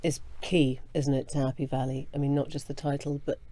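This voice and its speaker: A man's voice: fairly high pitch, little pitch movement, a little fast, warm tone, no room sound, low-quality recording. A man hosting a podcast interview, asking questions in a playful, teasing way. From England, Yorkshire. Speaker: podcast host. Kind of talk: casual interview chat.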